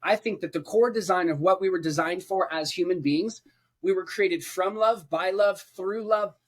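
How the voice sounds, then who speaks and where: Speaking at normal speed in a high voice, this man, a preacher, talks as a guest on a podcast. He's passionate yet conversational, hammering points with repetition and rhetorical lists.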